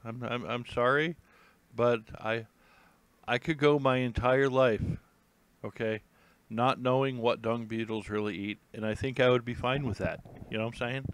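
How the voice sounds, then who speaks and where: A man's voice: medium pitch, fairly even intonation, normal speed, clean tone, no room sound. A man hosting a casual live stream, reading headlines aloud with rambling, jokey, self-mocking asides.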